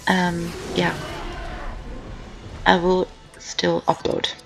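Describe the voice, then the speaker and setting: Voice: mid-range voice, completely flat delivery, very slow, vocal fry, rough recording. A young student giving casual gameplay commentary, rambling and repeating with many ums, out of breath with a sore throat. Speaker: let's-play commentator. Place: indoors at home, rain on the windows. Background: game music.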